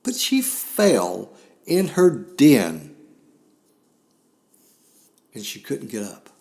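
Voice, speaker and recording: An older man hosting a podcast, telling a solemn personal story in a slow, grave way with long pauses. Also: mid-range voice, huge pitch swings, gravelly, darkish tone. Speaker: podcast host.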